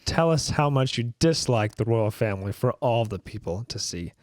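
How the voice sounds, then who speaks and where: A man's voice: medium pitch, lively intonation, normal speed, darkish tone, no room sound. A man hosting a comedy podcast, playfully directing the others in a game and stammering as he cuts in. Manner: playful, bossy, stammers when cutting in. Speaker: podcast host running the game. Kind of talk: casual chat.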